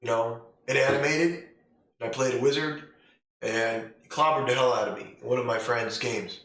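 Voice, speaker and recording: A man's voice: mid-range voice, normal speed, a bit bright. A man hosting a podcast as a dungeon master, talking casually and bluntly, firing off emphatic rhetorical questions. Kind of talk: casual opinion monologue. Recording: very echoey room, distant mic, faint music.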